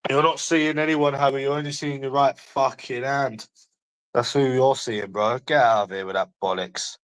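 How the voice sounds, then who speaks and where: A man with a London accent talks loosely to his livestream viewers. His voice sits at an ordinary middle pitch, and he is blunt and mocking, with frequent swearing. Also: steady tone, moderate pace, a bit bright, smooth, poor audio. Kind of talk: casual livestream chat to viewers.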